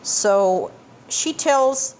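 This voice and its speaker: A woman's voice: high voice, expressive, extremely slow, slight background noise. A woman giving a casual plot recap of a film as a reviewer, blunt and profane, with emphatic asides. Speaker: movie reviewer.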